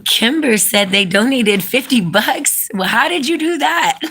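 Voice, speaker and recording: A woman's voice: a little high, lively intonation, takes it slowly, sharp tone, slight background noise. A woman hosting a casual live stream, chatting with viewers, reading out their comments and coaxing her dog to sit.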